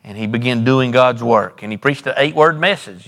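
A man preaches a sermon in a church sanctuary, his voice ringing out with a long hall echo. He works in repetition, swelling up, then dropping low. His pitch sits in an ordinary middle range. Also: moderate pace, fairly bright tone. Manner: preacherly, repetitive, rises and drops dramatically. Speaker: pastor.

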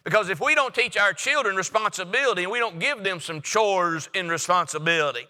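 A man preaching a sermon as a pastor, emphatic and repetitive, sometimes dropping to a hushed tone for stress. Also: sits high, brisk. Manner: emphatic preaching with repeated phrases, drops to a hush for stress. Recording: long reverb of a church hall.

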